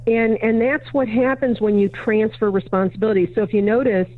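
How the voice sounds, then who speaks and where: A woman's voice: medium pitch, steady tone, a little fast, a little hiss or hum. A woman guest on a podcast, telling a story in conversation and acting out both sides of a dialogue. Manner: acts out both sides of a dialogue, plays each remembered voice. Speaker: podcast guest, educator and consultant. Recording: narrow, phone-like audio of a remote interview.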